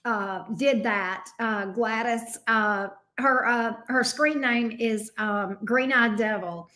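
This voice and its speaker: A woman's voice: on the high side, slow pace, sharp tone. A woman with a Southern US accent, a tarot reader hosting a casual livestream who chats along and greets her viewers by name. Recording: roomy echo.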